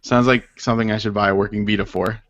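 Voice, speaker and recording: A man co-hosting a casual podcast, deadpan and offhand. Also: lowish voice, fast. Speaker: podcast co-host. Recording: dull lo-fi remote audio.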